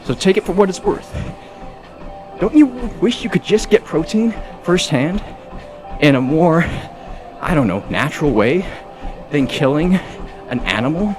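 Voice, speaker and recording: A man's voice: fairly high pitch, lively intonation, measured pace, pauses often. A man ranting casually and a bit preachily while gaming on a treadmill. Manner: talkative, preachy, rambling; exercising on a treadmill while talking. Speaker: gaming streamer. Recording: music clearly behind.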